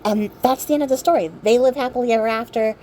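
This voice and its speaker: A woman vlogger casually retelling a fairy tale, sarcastic and irreverent, swearing freely and filling pauses with ums. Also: a little high, warm tone, a little hiss or hum. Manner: chatty, many ums and likes. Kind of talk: casual storytelling while crafting.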